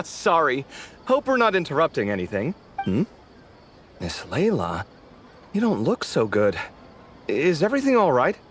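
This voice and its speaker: An actor playing a dramatic, sociable man who is expressive and quick to bicker. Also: on the high side, slight background noise. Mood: concerned. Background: game music.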